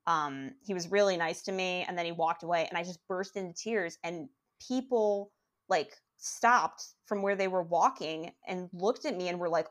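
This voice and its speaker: A young woman telling a long personal story as a guest, animated and rambling, with lots of restarts. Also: on the low side, a little slow. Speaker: podcast guest. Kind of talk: casual storytelling.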